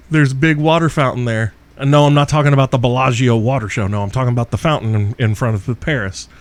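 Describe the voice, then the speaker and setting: A middle-aged man hosting a podcast, telling a wild story in a casual, profane way and laughing often as he goes. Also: mid-range voice. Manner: profane, laughs through his own story. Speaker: podcast host.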